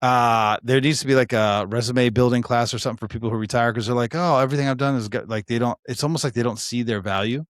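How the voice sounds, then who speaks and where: This man in his forties talks fast with few pauses in his mid-range voice, chatting casually on a podcast. He's an animated storyteller who swears freely and performs each quoted voice, and the recording is dry and close with no room sound.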